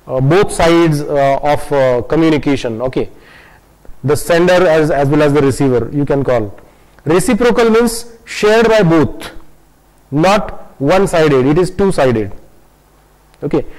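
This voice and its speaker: A man gives an online grammar lesson in a fairly high voice. He talks in a halting way, full of "uh" and restarts, and slows down to stress key terms. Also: a little mellow, rough recording. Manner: hesitant, many fillers and restarts, switches into Hindi to explain. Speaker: English grammar teacher.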